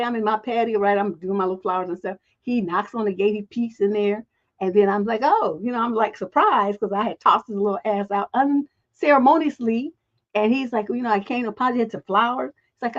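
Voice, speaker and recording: A middle-aged woman hosting a relationship advice livestream, telling stories in a blunt, profane, animated way. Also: fairly high pitch, muffled recording.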